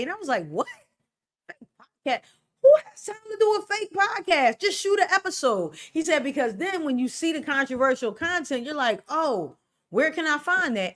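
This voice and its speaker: A young adult woman hosting her own show, talking bluntly and with plenty of swearing in a loose, animated solo rant. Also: high-pitched. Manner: blunt, profane, animated rants with laughs. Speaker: podcast host. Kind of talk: casual solo commentary.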